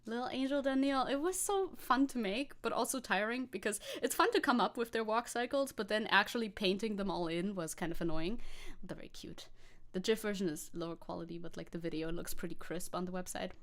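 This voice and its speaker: A woman's voice: mid-range voice, brisk. A young woman streaming as a VTuber, chatting casually, reacting to chat, swearing and laughing often.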